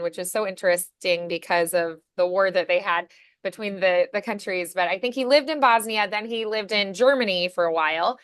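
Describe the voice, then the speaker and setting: A woman's voice: mid-range voice, fairly bright tone, clean tone, no room sound, studio quality. An American woman coaching voiceover in a casual chat, telling stories and acting out the voices of people she quotes. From United States. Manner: chatty storyteller, acts out quoted voices.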